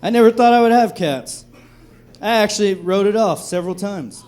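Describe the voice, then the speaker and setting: High-voiced man doing profane stand-up. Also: moderate pace, a little mellow. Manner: profane, rambling, laughs at own jokes. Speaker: stand-up comedian. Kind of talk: stand-up comedy set. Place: comedy club stage. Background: audience laughter.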